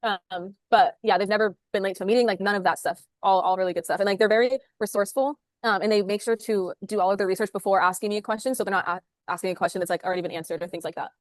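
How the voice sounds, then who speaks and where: A woman, a sales manager, talking fast and upbeat as an interview guest over a video call, with lots of "like" fillers. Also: mid-range voice, fairly even intonation, no echo, clean studio sound. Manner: rapid, upbeat, full of "like" fillers.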